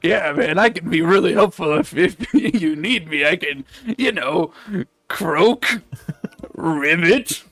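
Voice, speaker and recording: A man's voice: fairly high pitch, lively intonation, slow pace, fairly bright tone, dry recording, clean studio sound, full character voice. A man doing a laid-back talking frog. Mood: cocky. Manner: casual, buddy-like.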